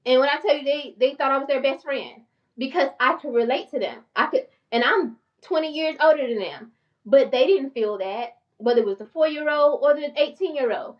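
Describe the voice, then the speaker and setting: A woman in her forties with a country North Carolina accent, talking fast and passionately to her viewers in a casual vlog. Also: sits high, expressive, recorded from a distance, lo-fi sound. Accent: Southern US, North Carolina country. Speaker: channel host and therapist.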